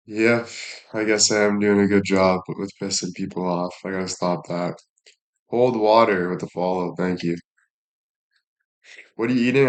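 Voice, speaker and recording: A young man chatting casually on a live stream, thanking viewers and joking crudely with plenty of swearing. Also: low voice. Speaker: livestreamer.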